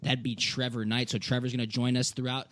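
A man's voice: medium pitch, level tone, a little fast, fairly bright tone, no echo. A man co-hosting a sports podcast in a casual, chummy way, calling his partner "dude". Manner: laid-back, chummy, says "dude" and "man". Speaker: podcast co-host.

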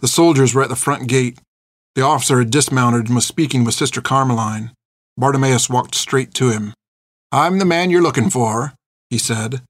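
Man reading an audiobook, steady and even, dead dry sound. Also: medium pitch, normal speed, no echo. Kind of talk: audiobook narration.

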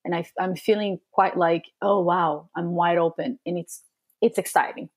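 A woman who works as a spiritual coach, talking as a podcast guest in a soft, reflective, emotionally open way with pauses and fillers. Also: fairly low pitch, fairly even intonation. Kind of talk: casual podcast conversation.

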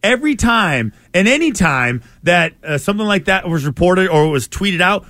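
High bright voiced guy on a sports show, sarcastic, trips over his first words. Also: sing-song, normal speed, few pauses, no room sound, studio quality. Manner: stammering starts, sarcastic. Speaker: sports talk show co-host. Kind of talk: casual sports chat.

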